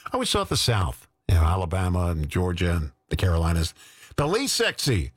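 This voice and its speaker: A man's voice: lowish voice, wildly swooping pitch, fairly quick, breathy edge, no echo, clean studio sound. A man working as a radio DJ, chatting casually on air with joking asides between songs. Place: radio studio.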